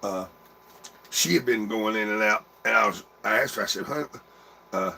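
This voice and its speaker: An older man, grieving, talking casually to viewers in a halting, rambling way full of pauses. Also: fairly low pitch, expressive, gravelly, pushed and bright, a little hiss or hum.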